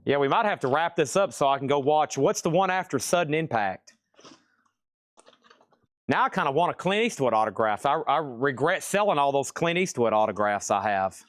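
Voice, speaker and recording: In clean studio sound without echo, a man of medium pitch talks at normal speed with lively intonation. He runs a livestream record auction, announcing lots and starting prices and filling the gaps with rambling, self-mocking jokes.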